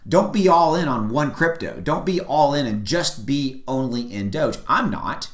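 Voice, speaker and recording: A man's voice: mid-range voice, lively intonation, unhurried. A man hosting his own video, giving a casual, earnest opinion talk, emphatic and repetitive with frequent restarts. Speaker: crypto video host. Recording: echoey room.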